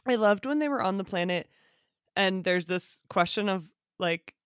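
A woman's voice: medium pitch, expressive, moderate pace, dry recording. A woman co-hosting a podcast, talking in loose, rambling chat. She jokes at her own expense and laughs often. Her voice sits close and dry, with no room around it. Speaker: podcast co-host. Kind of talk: casual chat.

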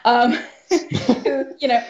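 A woman co-hosting a casual podcast chat, animated and laughing often as she talks. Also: sits high, very slow. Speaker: podcast co-host. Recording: echoey, dull lo-fi room audio.

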